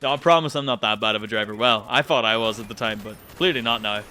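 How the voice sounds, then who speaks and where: A young man tells a story to camera in casual commentary. He talks in an animated way, swears freely and jumps high in pitch when he gets excited. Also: fast. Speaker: channel host.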